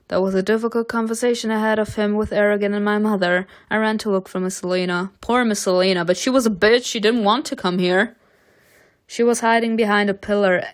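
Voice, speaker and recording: A woman reading a story game aloud and narrating, with expressive reading broken by chatty asides. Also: mid-range voice. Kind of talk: reading a visual novel aloud with commentary.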